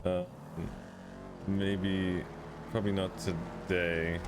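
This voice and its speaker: A man's voice: deep voice, level tone, drawn-out words, background noise. A man chatting casually in character during a roleplay stream, hesitant and swearing offhandedly.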